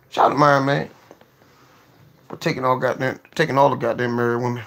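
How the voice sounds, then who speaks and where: A man hosting a casual livestream, talking to his viewers in a profane, excitable way that swings from low mumbling to sudden yelling. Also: quick pace, gravelly, pauses often. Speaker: livestream host.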